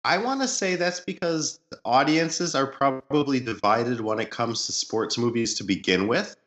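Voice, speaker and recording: A man co-hosting a movie podcast who works as a screenwriter and thinks out loud in long, earnest explanations. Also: medium pitch, lively intonation, moderate pace. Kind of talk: casual movie chat.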